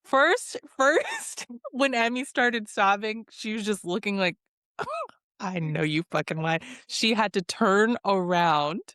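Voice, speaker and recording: On her podcast, a woman chats casually about reality TV in an unhurried way with hardly any pauses, animatedly acting out quotes full of swearing and bursts of laughter. Her medium-pitched voice is clear and resonant, captured in clean studio sound without echo.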